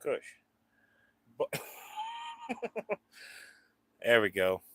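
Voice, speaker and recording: A man's voice: lowish voice, drawn-out words, bright, forceful tone, no echo. A man hosting a casual livestream, rambling to his viewers and cooing at his pets. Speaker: livestream host.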